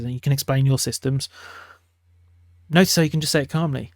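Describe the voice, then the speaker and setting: A man's voice: medium pitch, fairly even intonation, brisk, no room sound. A middle-aged man, a teacher giving classroom advice in a casual talk to camera, chatty and acting out quotes from teachers and students.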